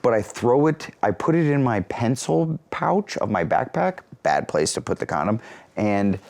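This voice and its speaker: Animated comic man telling stories. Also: medium pitch, normal speed, gravelly. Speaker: guest, actor and comedian. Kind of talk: storytelling in an interview.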